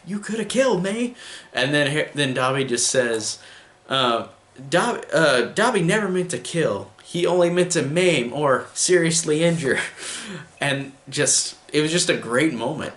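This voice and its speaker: A man's voice: medium pitch, sharp tone. A man giving a casual film review in an enthusiastic, emotional, rambling way. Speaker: movie reviewer. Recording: roomy echo.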